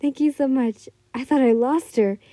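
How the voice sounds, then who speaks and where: A woman voicing a brash, gruff young father in a fan fiction reading, speaking bluntly with some swearing. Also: high-pitched, moderate pace, dark tone, no echo, studio quality, lightly acted. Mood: grateful. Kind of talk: fan fiction read aloud.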